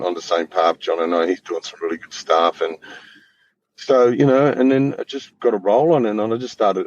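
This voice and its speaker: A middle-aged Australian man talking as a podcast guest in casual chat, rambling, swearing freely and restarting his sentences. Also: sits low. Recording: slightly dull lo-fi audio with faint noise.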